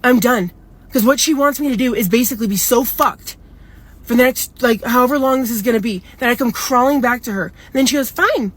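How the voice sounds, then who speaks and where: A woman's voice: on the high side, fast talker, slightly rough. Upset young woman venting with swearing. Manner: upset, rambling, heavy swearing, many "like" fillers. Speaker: storyteller. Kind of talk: casual storytime vent.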